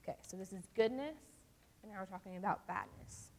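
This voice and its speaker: Young woman, youth teacher; earnest, conversational, slows down for scripture. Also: medium pitch, creaky, a little mellow. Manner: earnest, conversational, reads verses slowly. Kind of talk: casual church lesson with scripture reading.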